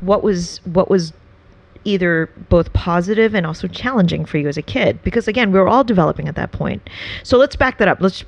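A woman's voice: lowish voice, fairly quick, gravelly. A woman hosting an interview, affirming her guest and steering with follow-up questions. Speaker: host.

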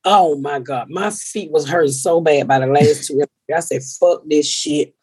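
Husky, foul-mouthed woman telling stories. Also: sits low, moderate pace, no room sound. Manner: profane, storytelling with animated quoted voices. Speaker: podcast host. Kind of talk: casual chat.

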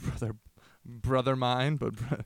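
A man's voice: mid-range voice, steady tone, measured pace, creaky. An American man co-hosting a casual comedy podcast, joking with a friend and stumbling over his words. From United States. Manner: joking, stammering restarts. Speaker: podcast co-host.

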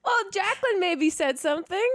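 A woman's voice: extremely high pitch, lively intonation, normal speed, fairly bright tone, slight background noise. A woman co-hosting a podcast in casual chat, reacting with laughs and jokey interjections. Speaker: podcast co-host.

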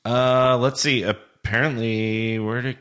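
A man co-hosting a podcast, relaxed and hesitant with fillers as he goes through news items. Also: medium pitch, slow. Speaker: podcast co-host. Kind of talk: casual news chat.

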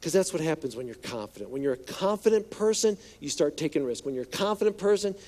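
A male pastor preaching a sermon in a conversational, joking way, slipping into hushed voices for quoted lines. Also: fairly high pitch, animated, fast. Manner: conversational, playful asides, acts out quotes in hushed voice.

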